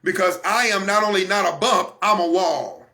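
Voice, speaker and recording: Lively high-voiced preacher man. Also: moderate pace. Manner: animated, preachy, acts out others in quotes. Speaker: broadcast speaker. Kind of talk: preaching-style talk.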